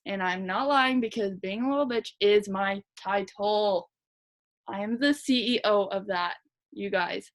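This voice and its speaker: A young woman who leads a direct sales team gives her team a fast, chatty, high-energy motivational talk. Her voice sits at a medium pitch, and she leans heavily on "like" and "you guys."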